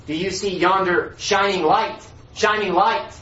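Evangelist, a preacher reading a grave guide. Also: male voice, high voice, fairly even intonation, measured pace, bright, forceful tone. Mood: questioning. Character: solemn guiding male counselor, grown man. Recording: echoey room, voice far from mic, dull lo-fi.

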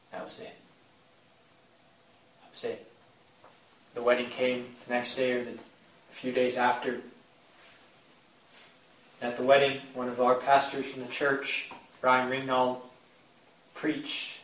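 A man's voice: medium pitch, monotone, slow, long pauses, a bit bright, slight background noise. A man preaching a sermon with impassioned, repetitive phrasing that swells in emphasis. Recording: echoey room, mic at a distance.

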